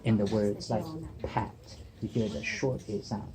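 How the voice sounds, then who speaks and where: A man's voice: fairly low pitch, fairly even intonation, moderate pace, creaky, hardly any pauses. A man, a student teacher, giving a patient one-on-one reading lesson and checking in often. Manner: patient, checks in with "okay?" and "right?". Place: table at the back of a busy classroom. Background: classroom chatter.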